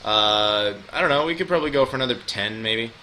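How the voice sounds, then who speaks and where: A man's voice: medium pitch, animated, fast, bright, forceful tone, a little hiss or hum. An American man hosting a casual live stream chat, joking around loosely and swearing freely. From United States. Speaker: host.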